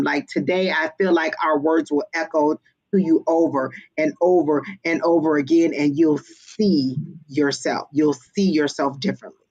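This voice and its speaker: A woman's voice: deep voice, darkish tone, slightly rough, lo-fi sound. Earnest, reassuring woman psychic reader. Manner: earnest, reassuring, repetitive affirmations. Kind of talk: livestream reading.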